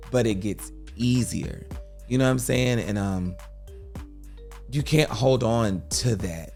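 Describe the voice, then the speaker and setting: Gravelly-voiced guy preaching comfort, earnest, mid pitch. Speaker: advice show host. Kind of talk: storytime advice monologue.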